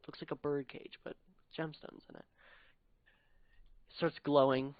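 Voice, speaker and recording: A young man improvising a spoken story in the second person, slow and hushed, sometimes dropping to a murmur. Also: a little high, little pitch movement, dry recording. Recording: dull dry lo-fi recording.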